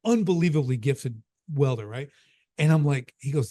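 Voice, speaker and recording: A man's voice: mid-range voice, moderate pace, warm tone, no room sound, studio quality. A middle-aged man from the Chicago area, an emphatic business coach who tells stories and keeps repeating key points, often checking in with "right?". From Chicago area, USA. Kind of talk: casual podcast conversation.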